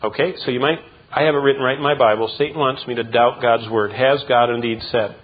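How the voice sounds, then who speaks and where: A man preaching a sermon as pastor, emphatic, with repeated words and quick asides. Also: medium pitch, fairly even intonation. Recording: dull lo-fi sound.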